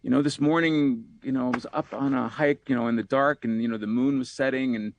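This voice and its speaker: A man's voice: medium pitch, steady tone, a little fast, dull audio, a little hiss or hum. A man, an author from New York, talks as a podcast guest in a reflective, rambling way, often saying "you know" and repeating words.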